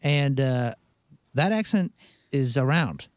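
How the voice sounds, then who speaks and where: A man co-hosting a morning radio show, chatty and quick to laugh as he tells stories. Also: medium pitch, expressive, no echo, clean studio sound. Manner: chatty storyteller, laughs easily. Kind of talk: casual morning radio banter.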